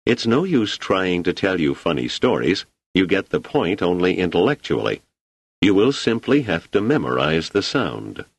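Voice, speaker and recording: An exacting, patient scientist, as a deep-voiced narrator plays him, coaching step by step with lively, shifting inflection. The reading is close and dry, with no room around it. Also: male voice, moderate pace, husky, no echo, full character voice. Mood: exasperated. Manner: instructive, coaching.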